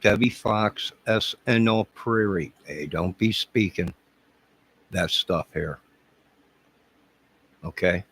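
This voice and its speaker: Low gravelly-voiced man ranting on a stream. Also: slow, pauses often, fairly bright tone, rough recording. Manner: combative, crude, mocking and sarcastic. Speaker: YouTube live-stream host. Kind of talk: rambling live-stream chat, reading viewer comments.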